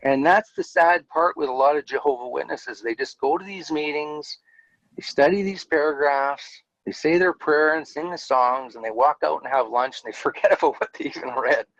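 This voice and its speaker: A former Jehovah's Witness elder, appearing as an interview guest, tells his own story candidly and earnestly, animated and laughing now and then. His voice is on the high side at normal speed, with no echo, though the audio sounds dull.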